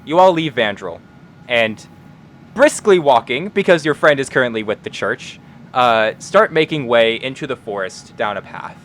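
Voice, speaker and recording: A man's voice: medium pitch, expressive, moderate pace, a bit bright, slight background noise. Casual game master man narrating. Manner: casual, with many fillers like uh and kinda.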